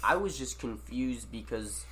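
Bright-voiced young man telling a road story. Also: mid-range voice, a little slow, slight background noise. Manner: animated, swearing, acts out quotes. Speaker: storyteller in podcast chat. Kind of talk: casual storytelling among friends.

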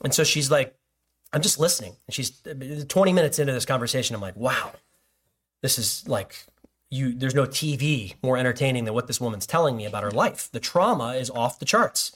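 A man's voice: medium pitch, expressive, brisk, a bit bright. A man, a pastor, preaching a sermon in a loose conversational way, with joking asides and stories.

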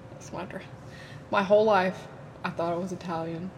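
A woman's voice: on the low side, steady tone, a little slow, darkish tone, a little hiss or hum. A young woman co-hosting a podcast in casual chat, telling stories dramatically with bursts of laughter and casual swearing. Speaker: podcast co-host.

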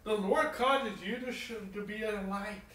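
High, bright-voiced preacher man in a roomy hall. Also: a little slow, far from the mic. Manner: rising to emphatic peaks, then dropping low and soft; repeats phrases, asks the congregation "okay?". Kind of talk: sermon.

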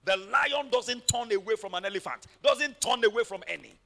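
A man preaches in a high, very bright, cutting voice. He tells his stories with drama and often builds up to shouts. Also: moderate pace, vocal fry. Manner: dramatic storytelling, shouting peaks. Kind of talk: sermon.

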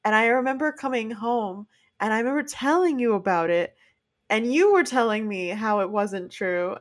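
A woman with a slightly high voice co-hosts a casual chat podcast at a moderate pace. She tells stories earnestly and with animation, acting out the quoted lines.

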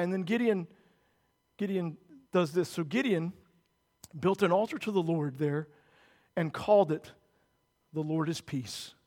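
Very high-voiced man preaching earnestly. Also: unhurried. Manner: earnest, conversational preaching with emphatic stretches. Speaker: pastor. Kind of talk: sermon.

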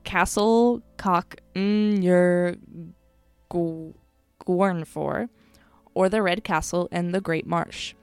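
Tired, teasing woman co-host with a lowish voice, reading steadily on a dry mic. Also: creaky, a little mellow, no echo. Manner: teasing, reads steadily from notes. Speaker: podcast co-host. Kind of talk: casual chat and reading history.

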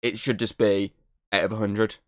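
A podcast co-host chats casually in a loose, rambling way, full of fillers and swearing. His voice is lowish, with flat delivery and a moderate pace, captured in clean studio sound with no room ambience.

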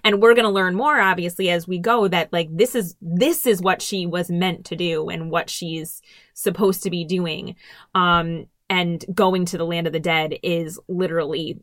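A woman's voice: on the low side, fairly even intonation, moderate pace, a bit bright, dry recording, clean studio sound. A woman co-hosting a podcast, chatting casually and enthusiastically about a book and reading passages aloud. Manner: enthusiastic, lots of fillers like "um" and "like". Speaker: podcast co-host.

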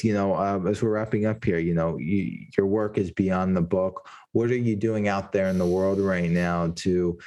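A man's voice: low-pitched, creaky, dark tone. A man hosting an interview, reflective and affirming, talking in long rambling turns. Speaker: podcast host. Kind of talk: podcast interview.

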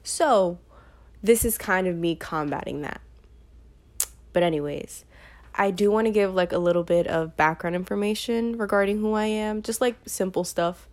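A woman's voice: medium pitch, moderate pace, a little mellow. A nineteen-year-old woman from Brooklyn, hosting her own podcast in an unscripted monologue full of ums and restarts. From Brooklyn, New York. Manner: rambling, unscripted, many ums and self-corrections. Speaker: podcast host. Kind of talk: casual solo podcast monologue.

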